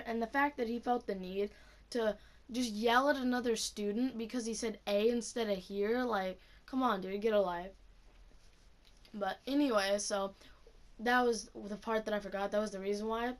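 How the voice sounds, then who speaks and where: A teenage woman telling a school story in a casual, profane vlog rant, full of "like". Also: medium pitch. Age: teens. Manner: casual, profane, heavy use of "like". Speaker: student.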